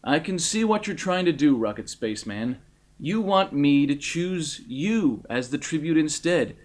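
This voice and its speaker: A man voicing a smooth, scheming male world president in a comic audiobook reading, talking soothingly. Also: fairly high pitch, animated, unhurried, voice pushed down. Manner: soothing, smooth, then loud rallying.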